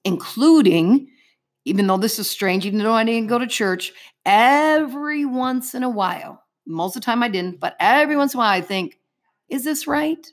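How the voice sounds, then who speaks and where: A woman's voice: on the high side, lively intonation, normal speed. Earnest woman recounting a faith testimony. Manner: earnest, vivid storytelling in present tense. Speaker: interview guest.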